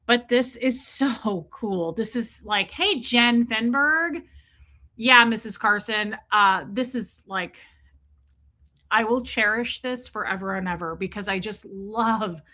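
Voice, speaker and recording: A woman's voice: a little high, measured pace, pushed and bright. A woman chatting casually on a livestream, gushing over jewelry and greeting viewers by name. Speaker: livestream host.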